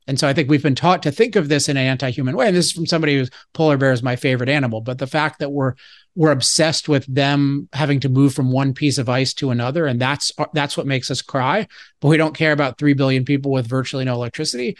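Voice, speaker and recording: A man's voice: medium pitch, fast talker, no room sound. Emphatic man, dry close voice. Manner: emphatic, with frequent restarts. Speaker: interview guest. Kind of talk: argumentative interview talk.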